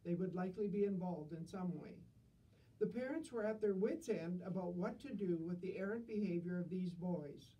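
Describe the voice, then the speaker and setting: A woman's voice: on the low side, moderate pace, recorded from a distance, highs cut off. An older woman reading humorous stories with dry, self-deprecating wit.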